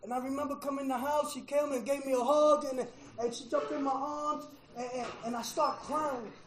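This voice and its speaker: A middle-aged man telling his recovery story to a meeting, emotional, with a preacher-like rhythm, going from hushed to shouting and repeating "man.". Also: very high-pitched, fairly even intonation, a little fast, reverberant, low-quality recording. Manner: preacher-like, repeats phrases, says "man" often. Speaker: recovery speaker at a fellowship meeting. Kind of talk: personal testimony to an audience.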